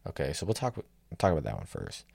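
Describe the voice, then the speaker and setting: A young man with a very low voice that has a gravelly rasp running through it. He tells his stories in an exasperated, sardonic tone and swears without hesitation. The sound is close and dry. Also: sing-song, quick pace, darkish tone, no room sound. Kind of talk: casual storytelling rant.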